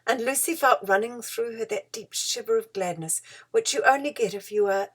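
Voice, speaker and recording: Gentle woman reading a storybook. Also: fairly high pitch, normal speed. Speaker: audiobook reader. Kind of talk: storybook narration.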